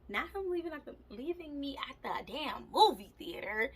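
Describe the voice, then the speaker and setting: A woman's voice: high-pitched, animated, normal speed. A woman vlogger telling a candid, exasperated storytime, talking to her viewers as y'all. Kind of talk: casual storytime. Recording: voice a bit far from mic, faint background noise.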